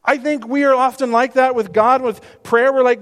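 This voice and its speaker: Brief: male pastor mid-sermon, high-pitched, insistent repetition, long hall reverb. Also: fairly even intonation, normal speed, fairly bright tone. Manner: emphatic, repeats phrases, rhetorical questions.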